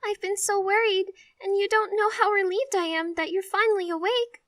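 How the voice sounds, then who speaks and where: A tearful teenage sister in a storybook reading, her voice high and loud and broken with sobs, as a woman narrator puts her on. The sound is dry and a little distant from the mic. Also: very animated, takes it slowly, dry recording, full character voice.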